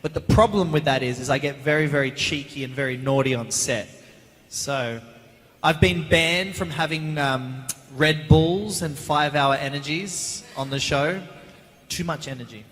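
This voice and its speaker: An Australian man tells stories on a convention stage, joking and sliding into other accents as he goes. His voice sits a little on the high side, and it rings out with the long reverb of a large hall. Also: normal speed. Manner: lively, jokey, slips into other voices and accents. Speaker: actor guest on a convention panel. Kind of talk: casual Q&A storytelling.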